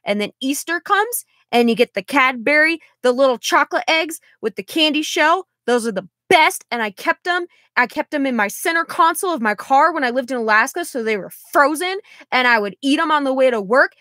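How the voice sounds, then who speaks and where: A woman's voice: fairly high pitch, bright, forceful tone, no echo, clean studio sound. A young woman rambling in a casual vlog, exasperated and sighing as she talks. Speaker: vlogger.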